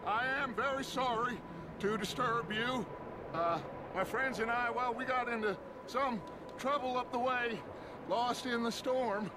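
A man's voice: extremely high pitch, unhurried, noisy background. An actor playing a persuasive male outlaw gang leader in a video game, courteous in manner but with an edge of menace. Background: game music.

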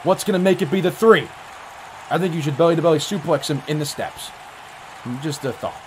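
A man giving excited, profane play-by-play commentary on a wrestling match, often breaking into yells. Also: a little high, a little fast, a little hiss or hum.

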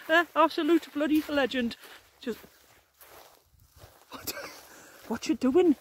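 A woman, talking to camera in a chatty, jokey and excitable way while out on open hills. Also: sits high, slow, long pauses, poor audio. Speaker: vlogger, wild camper. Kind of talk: casual outdoor vlog narration.

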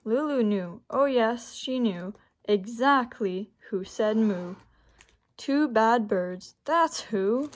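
A woman librarian reading a picture book aloud for children and then walking through a simple craft, in a gentle, unhurried story-time delivery. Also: fairly high pitch, animated.

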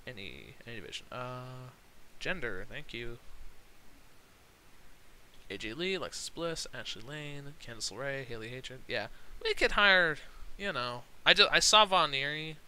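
Young male streamer, slow and very bright, excitable and profane, casual gaming chat. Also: mid-range voice, slight background noise, low-quality recording. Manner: excited, profane, laughing often. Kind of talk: casual gaming livestream commentary.

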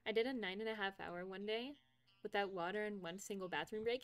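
A chatty young woman streamer with a mid-range voice talks briskly and laughs a lot. She chats casually with viewers and reads out chat, with faint game music in the background.

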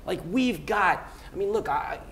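A man, a venture capitalist guest on stage, speaking in an animated, rambling way full of fillers and restarts. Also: high voice, measured pace, a crowd in the background. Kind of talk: onstage interview. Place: event hall before a live audience.

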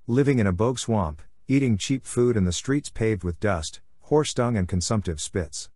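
A man's voice: on the low side, animated, normal speed, warm tone, no echo, clean studio sound. Man playing a boisterous mocking student. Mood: loud. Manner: theatrical, shifting mock voices. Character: boisterous mocking young male medical student.

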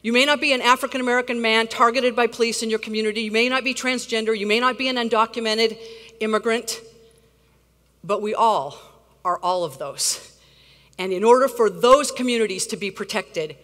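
A woman's voice: fairly high pitch, animated, normal speed, sharp tone. A middle-aged woman giving a rousing, blunt conference keynote, swearing for emphasis. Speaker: keynote speaker, activist. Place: large conference hall. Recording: reverberant hall.

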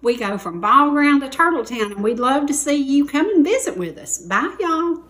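A woman's voice: high-pitched, lively intonation, moderate pace, a bit bright, echoey room, poor audio. Chatty Southern woman cooking on TV. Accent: Southern American. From Georgia, USA. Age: 60s. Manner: chatty, homespun, emphatic repetitions. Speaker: cooking show host. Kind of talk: folksy cooking demonstration. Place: TV studio kitchen set.

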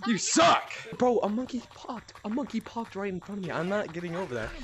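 A man playing a VR game in a small room at home, recording through a headset mic as he yells and trash-talks at other players. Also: high-pitched, big pitch swings, fast talker, crowd noise. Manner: rowdy, trash-talking, yelling at other players. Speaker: gamer. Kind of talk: VR gameplay commentary.

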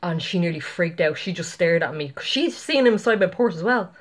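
A woman's voice: medium pitch, animated, normal speed, a little hiss or hum. A middle-aged woman telling a faith testimony in a chatty, rambling way, full of fillers and asides to her viewers. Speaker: Christian vlogger. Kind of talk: casual testimony monologue.

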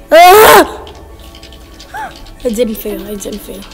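A woman hosting a casual gameplay chat, excitable and jumpy, giggling and teasing her teammate. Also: high voice, a little slow, faint music behind, low-quality recording. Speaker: gaming channel host.

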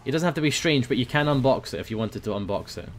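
A young man giving playful commentary over a video game, breaking into loud high yells when the action heats up. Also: lively intonation, fast, slight background noise. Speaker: gaming video host. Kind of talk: casual gameplay commentary.

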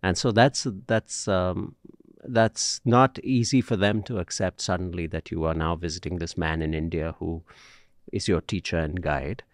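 Man interviewer, lowish voice, gentle hesitant questions, dry close sound. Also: fairly even intonation, moderate pace, dry recording. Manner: gentle, hesitant questions with fillers and affirming murmurs.

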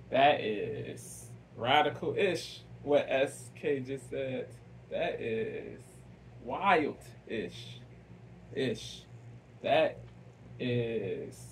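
A man hosting a reaction video, talking slowly in casual commentary, asking "why" over and over and dropping fancy words into slang. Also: mid-range voice, a little hiss or hum, rough recording. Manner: slow, repetitive, keeps asking why, drops fancy words.

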